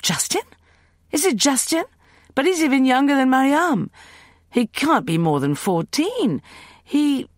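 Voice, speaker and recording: A man's voice: very high-pitched, huge pitch swings, drawn-out words, mellow, no echo, clean studio sound, pitched above the performer's own voice, full character voice. A man reading an audiobook, voicing a distressed young woman who asks breathless, alarmed questions.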